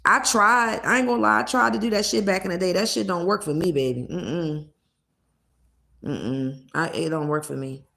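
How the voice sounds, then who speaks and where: Blunt, profane woman with a gravelly voice. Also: on the low side, normal speed, sharp tone. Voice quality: blunt, profane, laughing asides. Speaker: live streamer. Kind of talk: casual livestream chat with viewers.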